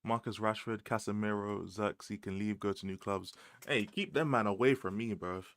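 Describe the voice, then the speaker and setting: A young man with a London accent riffs on a livestream, slangy, laughing and repeating himself. His voice sits a little low, and the sound is close and dry with no room. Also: normal speed, no echo. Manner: slangy and animated, laughs often, repeats phrases. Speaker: livestream host. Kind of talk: casual livestream chat about football.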